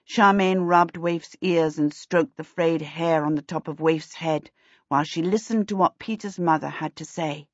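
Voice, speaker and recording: A woman reading a storybook aloud as narrator in a calm, steady way. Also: deep voice, normal speed, no room sound. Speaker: audiobook narrator. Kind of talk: scripted narration. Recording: slightly dull, dry recording.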